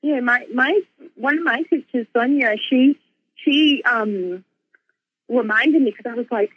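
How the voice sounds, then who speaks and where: A woman author and speaker telling a personal story in casual conversation, animated, with lots of fillers and laughs. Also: on the high side, a little slow, narrow, tinny audio, a little hiss or hum.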